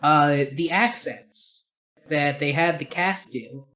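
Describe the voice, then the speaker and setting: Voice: mid-range voice, takes it slowly, a bit bright. A podcast co-host in casual film review chat, rambling and opinionated, swearing casually.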